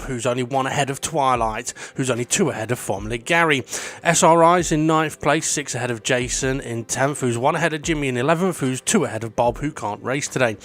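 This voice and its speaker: A man's voice: medium pitch, a bit bright. A man commentating a sim racing league in a chatty way, full of ums and small stumbles. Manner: chatty, filler-heavy, stumbling. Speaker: race commentator.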